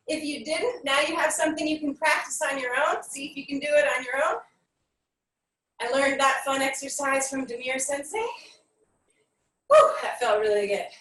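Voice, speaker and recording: A woman's voice: high voice, fairly bright tone, roomy sound, recorded from a distance, low-quality recording. A woman teaching an online aikido class for kids, counting aloud in Japanese and giving encouraging instructions while out of breath.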